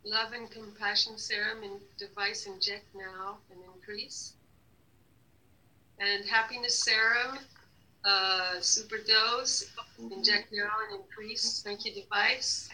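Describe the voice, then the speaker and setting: Woman, healing session leader, slow commanding chants with fillers, very bright tone. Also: mid-range voice, fairly even intonation, rough recording. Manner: slow, repeated commands to an unseen device, many hesitations. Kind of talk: guided energy healing session.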